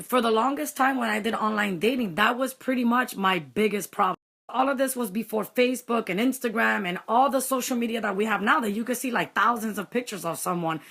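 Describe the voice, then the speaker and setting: Young woman vlogging, kinda high voice, says "like" a lot and switches into spanish here and there. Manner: animated, mixes in Spanish phrases, many "like" fillers. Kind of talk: casual storytelling.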